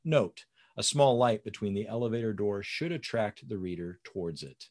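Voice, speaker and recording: Man, script reader, comic panel descriptions, low voice, animated. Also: normal speed.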